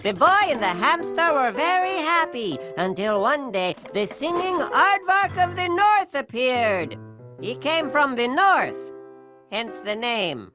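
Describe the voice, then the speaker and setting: A woman's voice: sits high, full character voice. A woman voicing a pompous, rambling male storytelling mule in a children's cartoon, theatrical and forever getting names wrong, with children's music behind.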